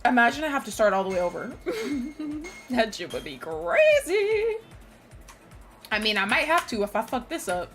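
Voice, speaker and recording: A high, bright woman's voice with big swings in pitch, talking slowly and casually to her stream. She is excitable, laughs a lot and breaks into shrieks. Faint game music plays behind her. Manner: loud, excitable, laughs and screams often. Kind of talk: casual live-stream commentary.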